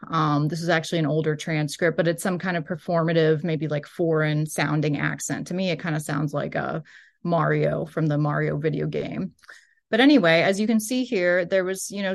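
Woman lecturer, lowish voice, tentative and explanatory, talks through a transcript. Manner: explanatory, loose and tentative, often hedging. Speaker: linguistics lecturer.

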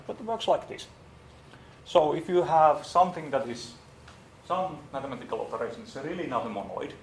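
A man's voice: medium pitch, gravelly, slight background noise. A man lecturing on programming, typing as he explains and thinking aloud with many fillers and restarts.

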